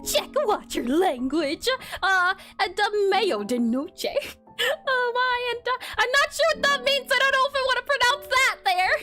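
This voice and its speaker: Very high-pitched, giggly woman streamer. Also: lively intonation, normal speed, pushed and bright, soft background music. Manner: giggly, bubbly, many fillers. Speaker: pixel art streamer. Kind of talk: casual live-stream chat while drawing.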